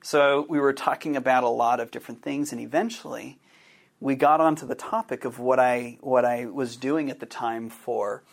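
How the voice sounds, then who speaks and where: A man hosting a podcast, telling a personal story in a halting way with many fillers and restarts. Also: medium pitch, steady tone, vocal fry. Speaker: podcast host.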